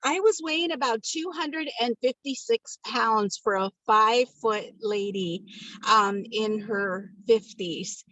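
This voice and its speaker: A woman's voice: on the high side, slow, pushed and bright. A woman in her fifties from California sharing a personal testimonial on a video call, chatty and emotional with many ums. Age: 50s. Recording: dull video call audio.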